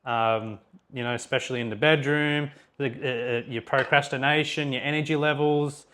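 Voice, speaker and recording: A man's voice: medium pitch, steady tone, normal speed, fairly bright tone. A young Australian man co-hosting a podcast, telling his own story in blunt casual chat and swearing often. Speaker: podcast co-host.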